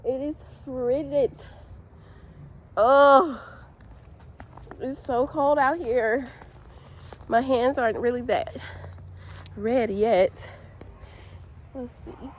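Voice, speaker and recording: A woman's voice: high-pitched, fairly even intonation, drawn-out words, long pauses, slight background noise. A woman vlogging outdoors in the snow on a handheld phone, chatty and laughing, cold and a bit out of breath. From Georgia, US. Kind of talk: casual vlog outdoors in snow. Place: outdoors in snow, parking lot. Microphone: handheld phone camera.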